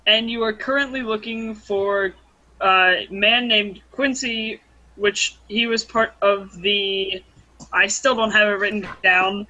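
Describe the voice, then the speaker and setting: A young woman running a tabletop game over a voice call, recapping the last session slowly, with lots of ums and easy laughs. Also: medium pitch, fairly even intonation, bright, forceful tone, highs cut off. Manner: unhurried, filler-heavy, laughs easily. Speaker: game master. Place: room at home. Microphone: computer mic on a voice call.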